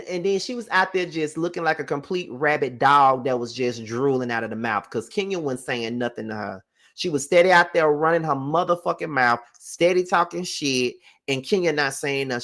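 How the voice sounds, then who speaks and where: A man hosting a casual live recap of a reality show, animated and profane, talking back at the people on screen. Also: fairly high pitch.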